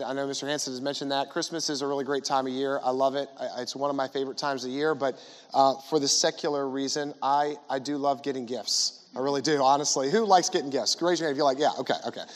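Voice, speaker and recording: A man's voice: mid-range voice, steady tone, quick pace. Man speaking in a reverberant hall. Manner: chatty, asks the audience, keeps adding "right?". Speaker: guest speaker at a school chapel. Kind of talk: conversational chapel talk to students.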